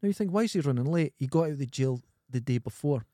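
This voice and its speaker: A man's voice: medium pitch, quick pace, no echo, studio quality. A Scottish man co-hosting a podcast, telling stories in casual chat and acting out the people in them. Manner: animated, acts out people in his anecdotes. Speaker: podcast co-host.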